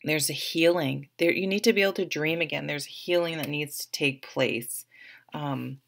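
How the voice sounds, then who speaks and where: A woman reads tarot casually for her viewers, talking straight to camera in a chatty, encouraging way with frequent fillers. Her low voice moves at normal speed, with vocal fry and a fairly bright tone.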